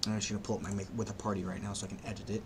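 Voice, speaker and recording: A man narrating a tabletop game as game master in a relaxed, offhand way, pausing to think things through aloud. Soft keyboard typing ticks away behind him. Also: on the low side, noisy background.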